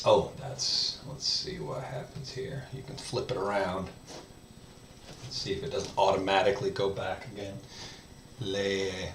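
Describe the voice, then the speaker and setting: Guy slowly working through a spanish lesson out loud, lots of ums and right?, echoey room. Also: low-pitched. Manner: slow, thinking aloud with many fillers and "right?". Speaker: language learner teaching viewers. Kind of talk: casual screen-share lesson.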